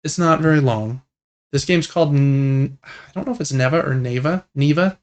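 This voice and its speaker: A man co-hosting a gaming podcast, chatting casually in a relaxed, rambling way with lots of fillers. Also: medium pitch, normal speed, muffled recording. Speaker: podcast co-host. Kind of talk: casual chat about video games.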